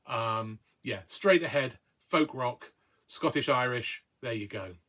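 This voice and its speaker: A man's voice: mid-range voice, animated, takes it slowly. A man hosting a casual record review, chatty and hesitant with many ums and uhs. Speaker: record collector host.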